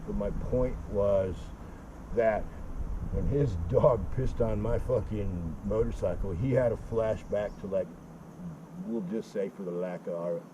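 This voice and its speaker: A man's voice: on the low side, noisy background. A man telling a story in a blunt, preachy style, swearing constantly, as a motorcycle vlogger outdoors at a forest campsite.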